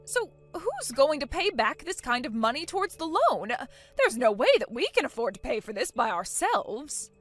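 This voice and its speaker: Bossy and indignant, this middle-aged mother-in-law barks orders and protests at full volume, as a woman acts her out. Her raised voice leaps around in pitch, sitting a little high. Soft music plays beneath this animated story. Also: moderate pace. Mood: alarmed. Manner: loud, indignant, demanding. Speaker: voice actor. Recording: faint music underneath.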